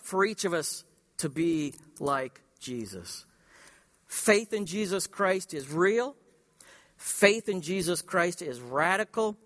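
A man's voice: on the high side, fairly bright tone. A man preaching a sermon as pastor, emphatic and repetitive, in a church sanctuary. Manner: emphatic preaching with repetition and slow dramatic pauses. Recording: long hall reverb.

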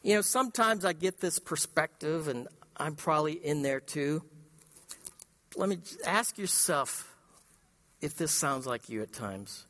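A man's voice: on the high side, animated, pushed and bright. Man, pastor, emphatic sermon, repetition, echoing sanctuary. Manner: emphatic preaching with repetition and slow dramatic pauses. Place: church sanctuary. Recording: long hall reverb.

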